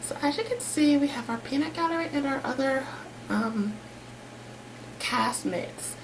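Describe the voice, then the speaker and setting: A woman's voice: high voice, expressive, unhurried. A woman voicing a bubbly, self-centered female flower creature who hosts a show, gushing and boastful, in a noisy home recording. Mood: perky. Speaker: show host.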